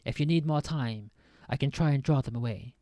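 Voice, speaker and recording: A woman's voice: very deep voice, brisk, dark tone, no room sound. A woman reading aloud and voicing a male starship captain in a put-on Scottish accent, giving clipped military reports.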